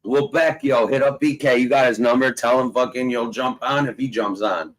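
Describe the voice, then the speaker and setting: A brash man rattles off profane banter in his everyday voice. He curses nearly every other word, laughs between lines and talks with loud, swaggering energy. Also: mid-range voice, fairly even intonation, normal speed, poor audio. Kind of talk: profane casual banter on a live audio chat.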